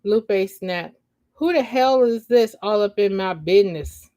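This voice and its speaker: Slow-reading woman telling a story live. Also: medium pitch, warm tone. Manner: slow reading broken by laughing asides to chat; uses slang, says y'all. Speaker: storyteller reading her novel on a livestream.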